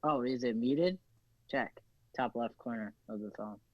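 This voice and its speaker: A man's voice: mid-range voice, unhurried, no room sound. Man on dull lo-fi call audio. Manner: patient, practical, giving instructions. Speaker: class participant helping with tech.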